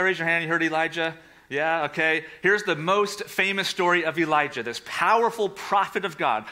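A man preaching a sermon to a congregation and an online audience, animated, with sarcastic asides and hushed, quiet passages. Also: a little high. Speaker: pastor. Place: church with a livestream audience.

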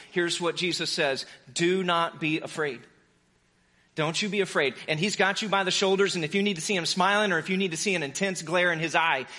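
A male pastor delivers a sermon with a bright, forceful edge to his fairly high voice. He preaches with urgency, pleading with his listeners, then drops into hushed, intimate stretches.

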